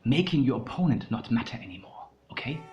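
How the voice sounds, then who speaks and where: A man's voice: medium pitch, big pitch swings, brisk. A man hosting a comedy podcast, giving a mock self-help lecture and rambling with "you know" and "okay?". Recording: roomy, dull sound with faint music.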